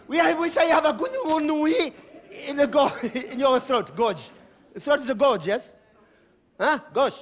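Manic stage clown, male, shrill and shouty, slow stammering delivery with broken French. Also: very animated. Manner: frantic, shouting, stammering, cackling; mixes broken French into English. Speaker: stand-up comedian. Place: theater stage before a live audience. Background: audience laughter.

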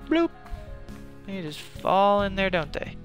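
A high-pitched man talks slowly through a live game stream, grumbling and swearing under his breath at what happens on screen. Loud game music plays behind his voice. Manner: frustrated, swearing, muttering to himself; panicked, shouting. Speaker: gaming streamer. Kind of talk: live gameplay commentary.

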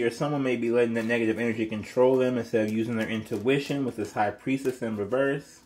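A man reads tarot cards for his viewers in a loose, chatty way. He exclaims often and lets out sudden high-pitched squeals between calmer stretches. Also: slight background noise. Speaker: tarot reader. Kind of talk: casual tarot reading to viewers.

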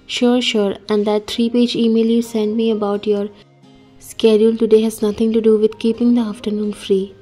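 A woman's voice: a little high, level tone, normal speed, mellow, soft background music, close to an everyday voice. A woman reading as a teasing male friend. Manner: joking, mischievous. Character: teasing playful male best friend and employee.

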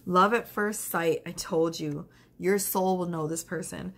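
A woman giving a casual tarot reading, chatty and animated, with lots of fillers. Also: on the low side, unhurried, few pauses. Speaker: tarot reader.

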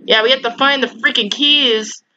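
A woman's voice: high voice, fairly even intonation, normal speed, pushed and bright, muffled recording, a little hiss or hum. A young woman playing a horror game, chatting, talking back to the game and shrieking and swearing at the scares. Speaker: gaming YouTuber. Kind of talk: let's play commentary.

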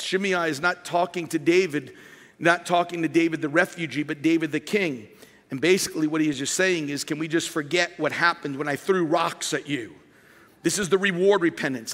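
A male pastor preaching an emphatic sermon in a large church, rising to shouts at his peaks. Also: fairly high pitch, long reverb tail.

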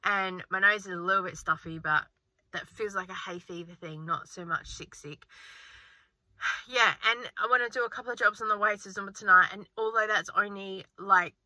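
Sitting in her car and filming on a handheld phone, a frugal-living vlogger in her forties chats cheerfully and rambles to her viewers at a moderate pace. Her mid-range voice sounds very bright and sharp, captured in a dry, close recording.

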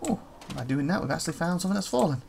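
Gamer, gravelly voice, chatty running commentary with sudden excited yelps. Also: medium pitch, a little hiss or hum. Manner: chatty, talks to game characters, quick excited outbursts. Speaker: let's play gamer. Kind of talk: casual gameplay commentary.

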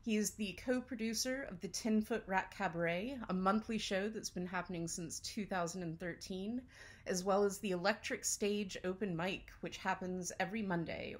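A woman's voice: medium pitch, moderate pace. Enthusiastic woman hosting. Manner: enthusiastic, warm introducer. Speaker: host. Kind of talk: show introduction.

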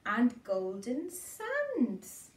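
A woman's voice: on the high side, wildly swooping pitch, extremely slow, recorded from a distance, a little hiss or hum. A woman reading a picture book aloud to small children in a sing-song way, with playful asides. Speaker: children's storyteller. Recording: echoey room, away from mic.

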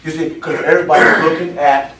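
A man teaching a class in an emphatic preaching style, building at times to near shouting. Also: a little high, steady tone, fast talker, crowd noise. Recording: echoey classroom from far off.

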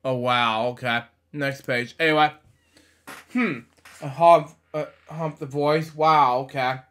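Slow, stumbling high-voiced man reading aloud. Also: steady tone, a bit bright. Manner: stumbling reader, frequent fillers and self-corrections; chatty asides between pages. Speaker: storybook reader. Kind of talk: halting picture-book read-aloud.

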